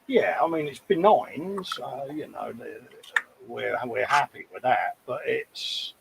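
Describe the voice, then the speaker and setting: An expressive mid-range male voice, slow and touched with vocal fry, heard against a noisy background. As co-host of a model-building livestream, he keeps the chat light and jokey, mocking himself and breaking into quoted voices.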